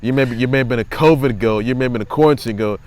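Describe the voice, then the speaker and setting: A man's voice: medium pitch, racing, a little mellow. A man hosting his own sports report, rambling in casual commentary, repeating phrases and mocking players.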